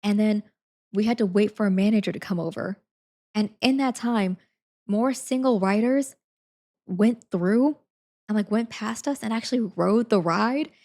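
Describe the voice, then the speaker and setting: A woman's voice: medium pitch, measured pace, a little mellow. A young woman streamer telling a story in casual chat, full of fillers, acting out what people said. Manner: chatty, many fillers, acts out quotes.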